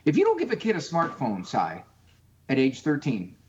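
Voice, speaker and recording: A man's voice: fairly high pitch, moderate pace, dull audio, a little hiss or hum. A man speaking as a guest psychologist on a call-in radio show, emphatic, acting out quotes. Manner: animated, emphatic, acts out quotes.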